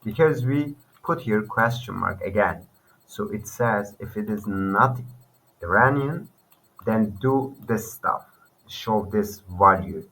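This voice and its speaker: Slow, low-voiced man explaining code. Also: expressive, a bit bright, breathy edge, rough recording. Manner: halting, thinking aloud with fillers and restarts. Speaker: programming tutor. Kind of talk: screen-recorded coding tutorial.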